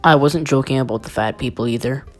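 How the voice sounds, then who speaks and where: A man's voice: medium pitch, quick pace, soft background music. A young man vlogger telling a crude, exaggerated comic rant. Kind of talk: comedic rant vlog.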